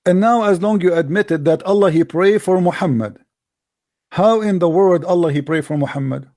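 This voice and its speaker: A man's voice: high-pitched, normal speed, a little mellow, dry recording. Mocking man with a dry close sound. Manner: mocking, combative, laughs often; non-native English grammar. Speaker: commentator reacting to a debate clip. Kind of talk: casual reaction commentary.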